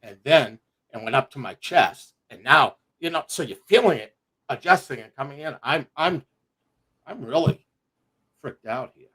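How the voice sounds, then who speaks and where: A middle-aged man telling a personal story on a livestream, animated and profane, laughing as he goes. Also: mid-range voice, normal speed, husky. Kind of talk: casual storytelling.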